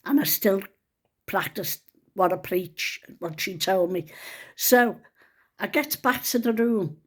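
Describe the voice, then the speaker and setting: A woman's voice: mid-range voice, animated, slow, slightly rough. An older woman with a Liverpool accent, telling an emotional personal story to camera in a chatty, heartfelt way with local dialect. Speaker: vlogger.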